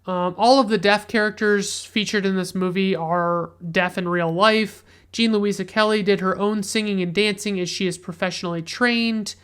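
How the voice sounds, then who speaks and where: A man's voice: sits high, fairly even intonation, normal speed, few pauses, a bit bright, smooth. A man hosting a casual solo podcast, reviewing a film in a rambling, chatty way and swearing freely.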